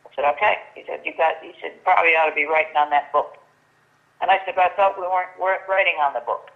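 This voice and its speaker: A woman's voice: fairly low pitch, fast. An older woman, a guest, telling a long story in casual chat and acting out the dialogue she quotes, with frequent restarts. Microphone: telephone. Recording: tinny phone line.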